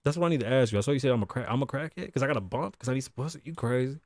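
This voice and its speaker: Speaking rapid-fire in a medium-pitched, slightly mellow voice, a man in his thirties hosts a casual podcast from his home studio desk. He rambles, curses freely, and laughs a lot, and the recording is dry and studio quality.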